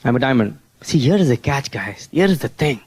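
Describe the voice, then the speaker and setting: A man's voice: medium pitch, lively intonation, a little fast, a little mellow, breathy edge. A man giving a motivational seminar talk, telling stories and often asking the audience questions. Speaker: motivational speaker at a business seminar.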